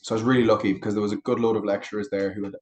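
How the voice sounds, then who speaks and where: A young adult man, a fitness coach guest on a podcast, talking casually and telling stories in a relaxed way. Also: on the low side, racing, rough recording. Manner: relaxed storytelling with anecdotes. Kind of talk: casual interview chat.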